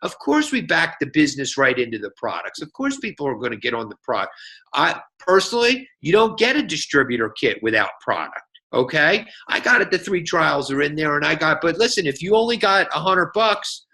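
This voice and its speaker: A man coaching a team over a phone call in a fired-up sales pep talk. His voice is forceful and sharp-edged, and he talks in a folksy, energetic way, dropping a quick "okay?" after his points. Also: a little high, creaky. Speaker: guest speaker on a team call.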